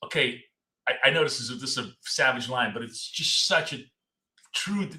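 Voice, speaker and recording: A man's voice: medium pitch, animated, normal speed, bright, forceful tone, echoey room. A man co-hosting a live trading stream in a casual, joking way, blunt and swearing freely. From Russia. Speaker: trading show co-host.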